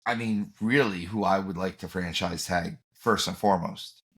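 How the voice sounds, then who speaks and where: A man co-hosting a podcast, easygoing and thinking out loud with lots of fillers. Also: low voice, moderate pace. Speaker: podcast co-host. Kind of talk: casual chat.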